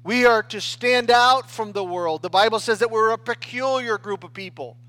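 A man's voice: high-pitched, normal speed, bright, forceful tone, no echo. A man preaching a sermon in a conversational style, often checking in with the listeners and restarting his phrases. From United States. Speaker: pastor.

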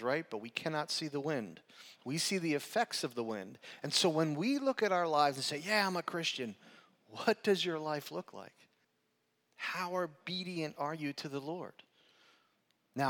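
A pastor delivering a sermon in a relaxed, conversational way, often checking in with his listeners with "right?". His voice sits a little high for a man. The sound carries a long reverb from a large hall. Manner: conversational preaching, frequent "right?" check-ins.

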